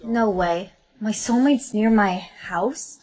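A synthetic woman's voice reading the lead roles of short POV skits in an even, machine-like way. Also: medium pitch, takes it slowly, rough recording. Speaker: text-to-speech storyteller. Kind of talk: text-to-speech POV skit narration.

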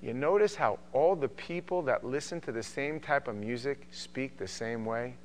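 A middle-aged man from New York with a New York accent, teaching a Bible study in a joking, animated way. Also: medium pitch, normal speed, slight background noise. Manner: joking, animated, does mocking voices. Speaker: pastor.

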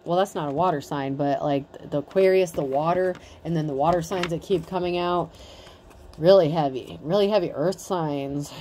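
A woman's voice: sits low, moderate pace, warm tone, slight background noise. A woman in her thirties giving a casual tarot reading in a blunt, chatty way, swearing freely. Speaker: tarot reader.

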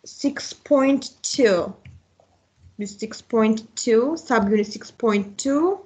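A woman with an Azerbaijani accent, an English teacher slowly explaining a recorded lesson, with an occasional slip. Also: fairly high pitch, darkish tone, slightly rough. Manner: slow, deliberate explaining with occasional slips.

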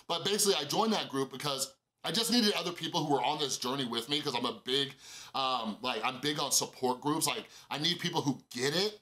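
A man telling a casual storytime vlog, animated and full of fillers, acting out quoted dialogue in a higher voice. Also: low-quality recording. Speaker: YouTuber.

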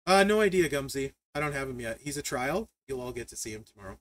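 A man hosting a live stream, telling family stories in a casual, animated way, laughing often and reading chat aloud. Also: medium pitch, fast talker, no echo. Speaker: livestream host.

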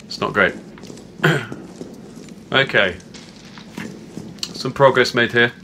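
A man chatting his way through a horror game with a bright, forceful voice. His manner is playful and chatty, and he keeps up a running commentary to his viewers. A faint hum of noise sits behind him. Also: medium pitch, drawn-out words. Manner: playful, chatty, talks to viewers while playing. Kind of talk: casual let's-play commentary.

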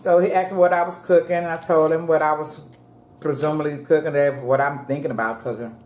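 Middle-aged woman host, talks casually while eating, low voice, roomy echo. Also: fairly even intonation, a little fast, a little mellow. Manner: chatty, eats between sentences, addresses viewers as y'all. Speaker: mukbang vlogger. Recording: echoey room.

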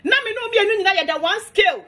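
A woman's voice: very high voice, rapid-fire, pushed and bright. A young Ghanaian woman delivering a heated, defiant, scolding monologue rant. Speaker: social media commentator.

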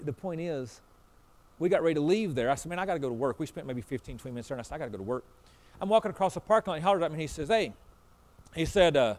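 Folksy pastor, higher-pitched man. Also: darkish tone. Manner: storytelling, acting out both sides of a conversation; folksy, repeats "I said" and "he said". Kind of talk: sermon.

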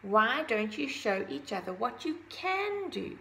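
Slow gravelly bright-voiced woman reading aloud. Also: a little high, big pitch swings, a little hiss or hum, rough recording. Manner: gentle, adds asides about the pictures. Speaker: storybook reader. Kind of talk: reading a picture book aloud to children.

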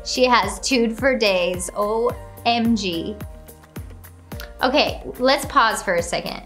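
Bubbly high-voiced woman gushing. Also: slow pace, fairly bright tone, faint music behind. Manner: gushing and bubbly, with gasps and laughs. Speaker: host reacting to her own wedding video. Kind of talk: casual reaction commentary.

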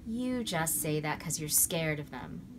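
A woman's voice: low-pitched, animated, measured pace, a little hiss or hum. A woman reading aloud, voicing a cheeky, scoffing middle boy who teases his sister. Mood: teasing.

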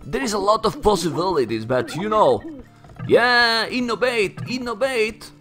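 A man with a Spanish accent, Spanish as his first language, giving excitable live commentary on a strategy game and calling everyone "man". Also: high-pitched, normal speed, over music. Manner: excitable, keeps saying "man", surges into shouts when hyped. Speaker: esports caster.

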